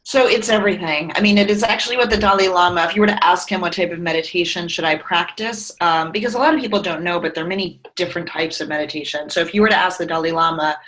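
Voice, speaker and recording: A woman's voice: on the low side, fast, hardly any pauses, low-quality recording. A middle-aged woman, a company founder, telling stories earnestly and expressively in a conversational interview. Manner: earnest, expressive storyteller, tearing up.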